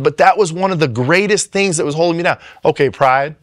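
A man in ministry telling his personal faith testimony in an earnest, emotional way, often halting and restarting his sentences. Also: on the high side, dry recording, clean studio sound. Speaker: ministry worker sharing testimony.

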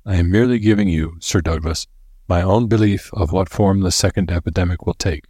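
A man's voice: low-pitched, a little fast, warm tone, breathy edge, no room sound, studio quality. A man reading as a firm, earnest doctor. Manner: firm, patient. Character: earnest determined male doctor.

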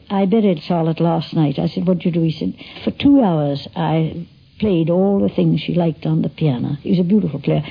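An older woman recalls a friend in brisk, anecdotal speech, acting out the lines she quotes. Her voice is gravelly and husky, and it comes through a dull, lo-fi archive recording. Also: on the low side. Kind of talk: archival reminiscence.

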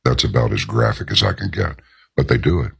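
Gravelly deep-voiced radio talk host. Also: male voice, sing-song, a little fast, a bit bright. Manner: emphatic, rambling with asides and rhetorical questions. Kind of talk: opinionated talk radio monologue.

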